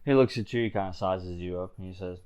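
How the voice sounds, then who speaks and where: A man narrating a tabletop game as game master in a relaxed way, laughing often. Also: deep voice, fast, smooth, lo-fi sound.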